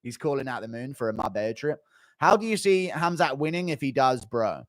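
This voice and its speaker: A man's voice: mid-range voice, expressive, fairly quick, no room sound, studio quality. A man streaming, reading out donations in a blunt, profane, rambling way. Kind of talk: casual chat reading donations.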